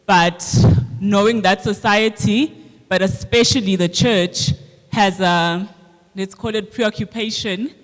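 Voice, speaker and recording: A man in the audience asking the pastor a question at a live congress, polite and hesitant as he searches for words. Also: sits high. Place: large congress hall. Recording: long hall reverb from a live congress.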